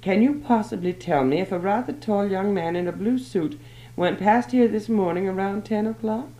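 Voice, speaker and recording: A woman's voice: mid-range voice, moderate pace, warm tone, voice pushed up, lightly acted. A woman reading as an anxious, urgent young bride-to-be. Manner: urgent, pleading. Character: anxious young woman searching for her fiancé. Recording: roomy old archive recording.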